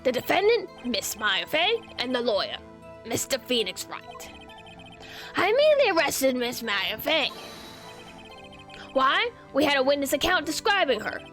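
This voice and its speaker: A woman voicing a gruff, deferential male detective, lowering her voice and ending lines with "sir". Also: sing-song, moderate pace, long pauses, fairly bright tone, faint music behind. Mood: dutiful.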